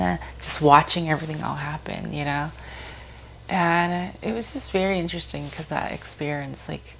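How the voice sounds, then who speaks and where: Woman host, low gravelly voice, casual personal storytelling, rambling delivery with plenty of fillers, faint background noise.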